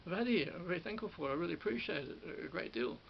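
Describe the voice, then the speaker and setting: Reminiscing in a rambling way, this former radio studio producer, a middle-aged Australian, has a slightly high, strongly gravelly voice with lively intonation. He stumbles through restarts and repeated words, chuckling now and then. A faint hiss sits under the dull, lo-fi recording.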